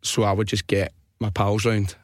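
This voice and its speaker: A man's voice: on the low side, little pitch movement, normal speed, dry recording, clean studio sound. A young Scottish man hosting a podcast, telling stories animatedly, laughing often and swearing freely. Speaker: podcast host. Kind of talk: casual chat.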